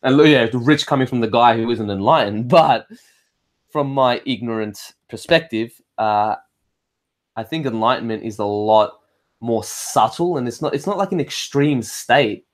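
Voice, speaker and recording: On a casual livestream, an Australian man talks at normal speed in a mid-range voice. He rambles, swears freely and restarts his sentences often. He reads out viewer comments as they come in and responds to them.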